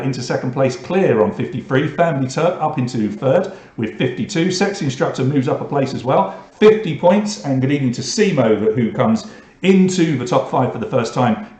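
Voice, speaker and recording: British male quiz host, mid-pitched, easygoing and chatty, runs through questions and standings with offhand jokes; roomy echo on the mic. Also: darkish tone. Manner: chatty, reads questions and scores with asides. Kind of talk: online pub quiz hosting.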